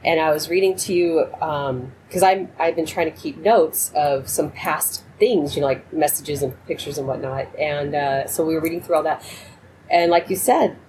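A woman's voice: sits low, moderate pace, darkish tone, a little hiss or hum, low-quality recording. A woman co-hosting a casual spiritual chat over a remote call, talking in an emotional, gushing, rambling way. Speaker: co-host.

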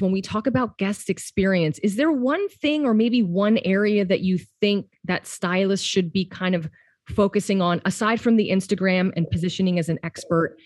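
A woman's voice: medium pitch, darkish tone, no echo. A woman hosting a podcast chat, who talks steadily and lays out her points in lists. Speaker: podcast host.

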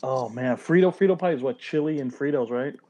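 A man co-hosting a casual podcast chat, telling animated stories full of slang and swearing. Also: medium pitch, brisk. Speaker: podcast co-host.

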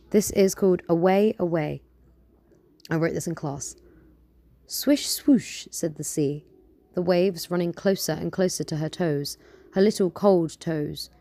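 A woman's voice: fairly low pitch, creaky, mellow. A young woman hosting her show, chatting casually and reading her own poems aloud in a rambling, playful way. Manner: rambling, filler-heavy, playful. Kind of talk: casual chat and poetry reading.

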